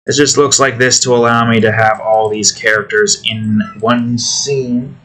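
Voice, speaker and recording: A man's voice: medium pitch, fairly even intonation, a little slow, fairly bright tone. A man talking casually to himself while drawing digital art, muttering about his work and snapping at his cat. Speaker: artist drawing on stream.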